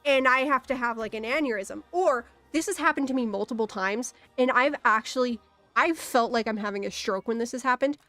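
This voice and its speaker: A woman's voice: on the high side, brisk, pushed and bright, soft background music. A young woman in a casual, exasperated ranting monologue, swearing often and laughing in disbelief. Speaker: streamer.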